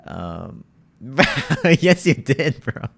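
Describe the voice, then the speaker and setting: A man's voice: medium pitch, very animated, very slow, creaky. A young man streaming a game with his viewers, chatting loosely, repeating himself and calling everyone "bro". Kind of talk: casual live-stream gaming chat.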